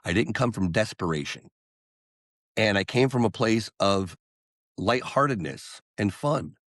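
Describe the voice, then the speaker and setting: Lively low-voiced man telling a story. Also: a little slow, dry recording, studio quality. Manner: animated storyteller acting out quotes. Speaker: guest, singer-songwriter. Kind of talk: storytelling interview talk.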